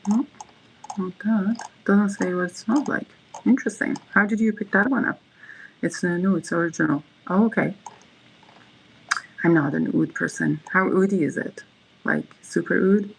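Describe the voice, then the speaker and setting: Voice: mid-range voice, vocal fry, breathy edge, low-quality recording. A livestream host in casual chat, rambling and reading viewers' messages aloud. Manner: frequent fillers and restarts.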